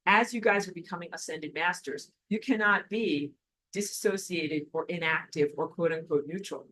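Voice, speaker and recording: A woman teaching a recorded online spiritual lesson and answering viewer comments, emphatic and animated, repeating words for stress. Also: on the low side, normal speed, low-quality recording.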